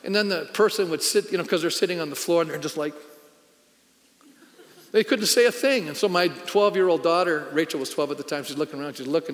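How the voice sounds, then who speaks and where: A man's voice: on the high side, fast, in a large hall. A middle-aged man, a pastor, preaching a sermon in a conversational, storytelling way with emphatic punches.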